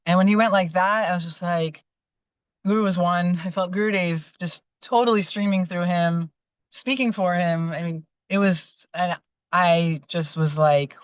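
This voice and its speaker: A woman's voice: on the low side, no room sound. A woman telling personal devotional memories in a casual, heartfelt way, rambling with fillers and restarts. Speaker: guest sharing memories.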